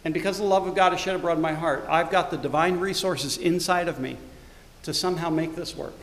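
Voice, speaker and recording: A middle-aged man, the church's pastor, preaching a sermon; he swells loudly on scripture verses and drops to quiet, conversational asides. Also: fairly high pitch, fairly even intonation, a little fast, echoey room, big-room sound. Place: church sanctuary.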